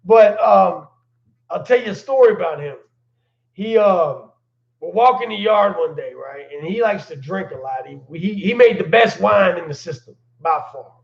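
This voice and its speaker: Man with a high gravelly voice spinning slangy stories, echoey room, muffled lo-fi sound. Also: animated, moderate pace. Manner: laid-back slang-heavy storyteller, laughs while telling. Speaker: channel host telling prison stories. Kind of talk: casual livestream storytelling.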